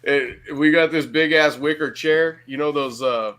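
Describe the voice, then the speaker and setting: A man's voice: a little high, measured pace, fairly bright tone, clean tone, rough recording. Laughing man telling a wild story. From Michigan. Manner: swearing, laughing hard through his own story. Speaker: podcast guest. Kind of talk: casual storytelling.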